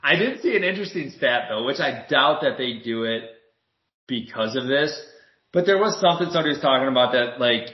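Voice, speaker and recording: A man co-hosting a casual sports chat, animated and swearing a lot as he retells a heated argument. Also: mid-range voice, brisk. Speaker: podcast co-host. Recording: roomy, dull lo-fi sound.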